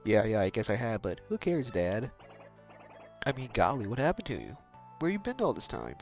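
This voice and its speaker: A man's voice: on the low side, wildly swooping pitch, normal speed, gravelly, faint music behind, exaggerated voice. A man voicing an eager, earnest young male turtle hero while reading game dialogue aloud.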